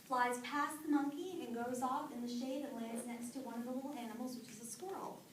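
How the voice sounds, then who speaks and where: Brisk and high-pitched, a young woman recounts a folk tale for a live crowd in a chatty, animated way with fillers. She's recorded from off-mic in an echoey space, with slight background noise.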